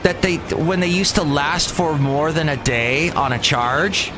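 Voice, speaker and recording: A man's voice: a little high, measured pace, music in the background. A man hosting his own podcast, rambling jokily from one tangent to the next. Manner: rambling, jokey, jumps between tangents. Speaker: podcast host. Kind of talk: casual comedic monologue.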